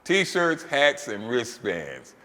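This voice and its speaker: A man hosting, telling a story casually, swearing freely and breaking into loud, animated outbursts. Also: medium pitch, extremely slow, in a large hall. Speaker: host.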